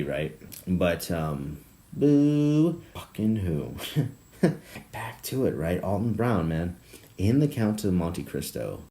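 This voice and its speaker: Rambling, swearing man on a podcast. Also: deep voice. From South Florida. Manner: tangent-prone, swearing, laughing often, swings from mutters to loud bursts. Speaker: podcast host. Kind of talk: rambling solo podcast monologue.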